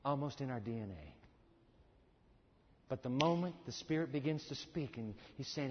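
A male preacher delivering a sermon, swinging from loud exhortation to hushed intensity, in a church. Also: medium pitch, lively intonation, moderate pace. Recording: echoey hall, dull lo-fi sound.

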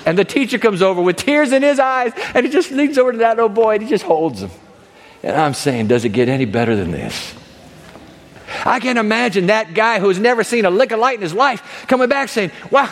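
Man, pastor preaching, very lively pitch, long church-hall reverb. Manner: animated storytelling, acts out characters. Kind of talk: sermon.

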